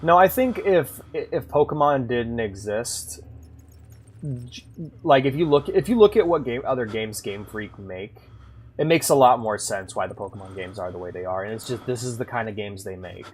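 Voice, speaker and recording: A man's voice: mid-range voice, expressive, normal speed, a little hiss or hum. A young man streaming a horror game, chatting casually with his viewers in a rambling way full of restarts. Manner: rambling, talks to chat with many likes and restarts. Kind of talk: casual live-stream chat while gaming.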